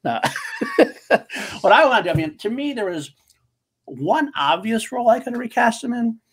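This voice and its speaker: A man co-hosting a casual movie chat, animated and quick to laugh. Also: very high-pitched, breathy edge. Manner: animated, laughs often, many restarts. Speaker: co-host of a movie podcast.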